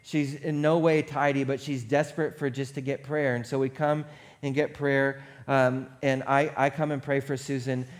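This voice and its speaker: Speaking at normal speed in a medium-pitched, level voice, this middle-aged pastor tells stories through his sermon. He's casual and self-deprecating, performing the voices of those he quotes.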